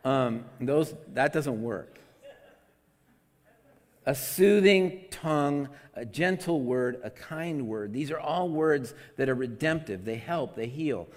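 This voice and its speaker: A man's voice: mid-range voice, expressive, slow pace. A man giving an earnest, conversational devotional talk as a preacher, often restarting his sentences. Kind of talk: devotional teaching. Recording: long hall reverb.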